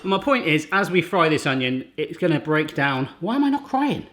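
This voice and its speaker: A man's voice: a little high, expressive, normal speed, background noise. Chatty man with a raised voice. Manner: chatty, jokey, rambling asides. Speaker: cooking channel host. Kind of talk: casual cooking demonstration.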